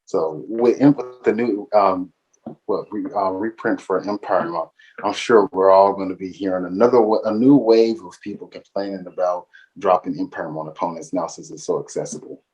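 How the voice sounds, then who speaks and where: A man's voice: low-pitched, moderate pace, darkish tone, dull audio. A man co-hosting a podcast, talking casually and hesitantly with restarts. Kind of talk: casual chat.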